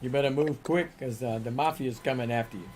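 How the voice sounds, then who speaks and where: A man's voice: medium pitch, a little fast, a little mellow, slight background noise. A man co-hosting a live stream, reading viewer comments aloud and cracking jokes. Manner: wisecracking, reads out viewer comments. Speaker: co-host reading the chat. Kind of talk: casual live-stream chat.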